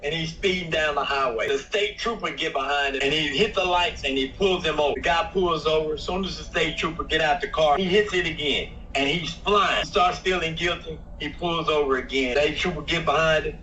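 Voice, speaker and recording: Bright-voiced man telling a joke on a call. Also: on the high side. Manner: easygoing storyteller, informal grammar. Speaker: guest. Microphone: video call. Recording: distant video call audio, faint hiss.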